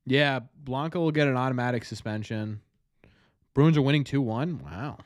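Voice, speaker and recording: Excitable man calling a ballgame live. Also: mid-range voice, normal speed, no room sound. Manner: excitable, nervous, repeats cheers and pleas. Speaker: host of a fan show. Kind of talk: live watch-party commentary.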